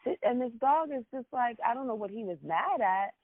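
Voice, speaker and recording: A man on a talk show panel giving blunt, animated opinions. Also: very high-pitched, brisk, no echo. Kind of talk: casual talk show chat. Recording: tinny phone-like line.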